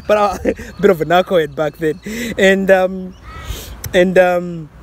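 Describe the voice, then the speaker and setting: A man from Zambia tells a personal story in a loose, chatty way, full of fillers and restarts, and laughs at his own mistakes. His voice sits a little high for a man. Faint outdoor traffic hums behind him. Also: fairly even intonation, measured pace. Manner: rambling with frequent restarts and fillers, laughs at himself. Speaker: vlogger. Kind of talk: casual storytelling.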